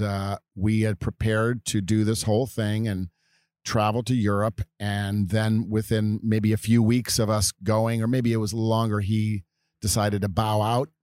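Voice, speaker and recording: Rambling, low-voiced middle-aged American man. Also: darkish tone, no room sound. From California. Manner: rambling, reminiscing, with many fillers. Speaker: father being interviewed by his child. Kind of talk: casual storytelling.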